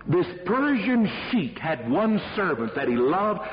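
A man's voice: sits high, big pitch swings, a little slow, slight background noise. A male preacher telling a story in a sermon with dramatic emphasis, recorded in a dull recording with long hall reverb.

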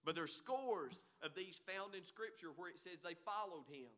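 A man preaching a sermon, emphatic, swinging between loud peaks and low asides, often asking "amen?" of the congregation. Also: expressive, normal speed, few pauses, lo-fi sound. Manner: emphatic, rises and drops sharply, repeats "amen?" to the congregation.

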